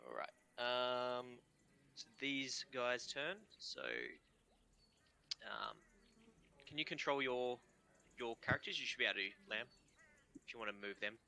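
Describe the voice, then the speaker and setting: A man's voice: mid-range voice, measured pace, pauses often, pushed and bright. A man with an Australian accent, the game master narrating a tabletop game in a casual way, trailing off with fillers. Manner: casual, laughs easily, trails off with "um" and "kind of".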